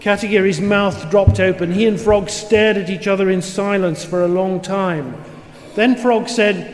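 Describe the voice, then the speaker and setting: A man reading a story aloud in a steady, clear manner with occasional asides. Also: high-pitched, measured pace. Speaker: reader. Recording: roomy with long reverb, faint noise.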